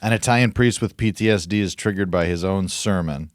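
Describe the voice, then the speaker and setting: A man co-hosting a podcast, reading listener suggestions haltingly and chuckling at the jokes. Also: deep voice, no echo, clean studio sound. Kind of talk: casual chat, reading emails aloud. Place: podcast studio.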